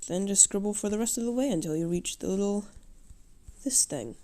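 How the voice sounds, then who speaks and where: Woman streamer, very warm and mellow tone, casual self-talk while drawing. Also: medium pitch, animated, a little fast. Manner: mutters to herself casually, swears. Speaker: livestreaming artist.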